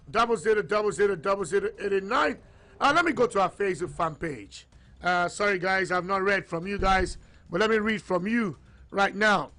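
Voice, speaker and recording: A man hosting live sports talk radio, taking callers and reading listener comments aloud in a brisk manner. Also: high voice, fairly bright tone.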